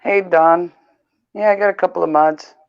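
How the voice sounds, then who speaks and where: A woman's voice: on the low side, fairly even intonation, moderate pace, clear, resonant tone. Woman host, casual video chat, chatty and fumbling, dull call audio. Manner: chatty, laughing, fumbling with settings. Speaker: stream host.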